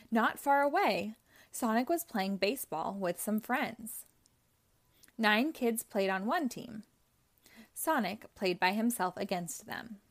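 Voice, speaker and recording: A woman reading a children's chapter book aloud, narrating slowly and carefully. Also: mid-range voice, animated. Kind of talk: read-aloud storybook narration.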